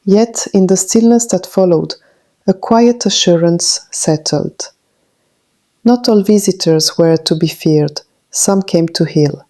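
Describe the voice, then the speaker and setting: A woman reading a haunting story as narrator in a solemn, measured way. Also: fairly low pitch, mellow. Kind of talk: scripted narration.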